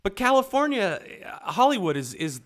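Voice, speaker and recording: A man's voice: sits high, big pitch swings, moderate pace. A man co-hosting a casual album review podcast, ranting with profanity and sarcasm, with theatrical emphasis. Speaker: podcast co-host.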